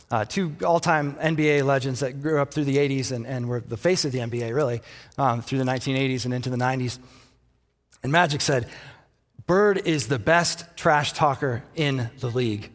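A man delivering a sermon as a pastor, his voice sitting a little high. He tells the story with lively energy and slips into the quoted characters with playful taunting. The sound rings out with the long reverb of a large hall.

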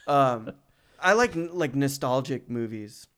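A young man chats as a podcast guest, relaxed and slangy, and he laughs easily. His voice is smooth and clear, at a middle pitch. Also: a little slow. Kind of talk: casual chat.

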